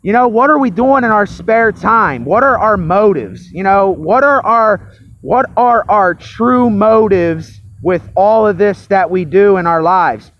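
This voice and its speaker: A man speaking loud into a phone held in his hand, pushing his voice as he gives a reflective monologue. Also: high-pitched, animated, measured pace. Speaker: vlogger. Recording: lo-fi phone recording.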